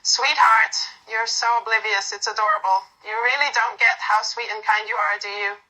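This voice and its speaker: A fond young woman who teases her clingy partner with gentle affection, as a woman reads her lines. The voice sits fairly high and bright, tender even when it pokes fun. It belongs to a romantic audio role-play. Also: moderate pace, low-quality recording. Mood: teasing.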